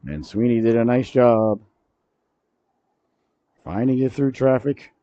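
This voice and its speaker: A man calling a high school hockey game play-by-play, cracking jokes between plays and shouting on goals. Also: slow pace. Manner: jokey asides, rises sharply to shouts on goals. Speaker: play-by-play commentator. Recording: dry, dull lo-fi broadcast audio.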